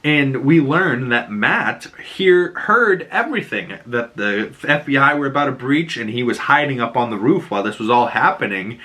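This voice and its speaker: A young man walks through a season recap in a loose, chatty way, peppering it with slang and fillers. His voice sits mid-pitch with a bright, forward tone. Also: animated, moderate pace, hardly any pauses. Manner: chatty, slangy, lots of "you know, like". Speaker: show recap host. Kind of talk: casual recap commentary.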